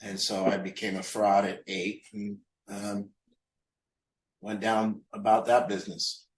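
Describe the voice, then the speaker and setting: A man's voice: lowish voice, level tone, a little slow, reverberant, low-quality recording. A man leading a recovery group, talking candidly and mocking himself, asking rhetorical questions. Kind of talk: group talk on a call.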